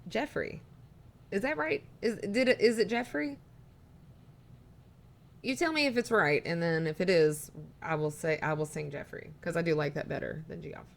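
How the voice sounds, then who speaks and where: A woman's voice: fairly low pitch, moderate pace, gravelly, pauses often. Chatty woman streamer rambling casually. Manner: chatty, rambling, reads viewer messages aloud. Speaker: live streamer. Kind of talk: casual live-stream chat.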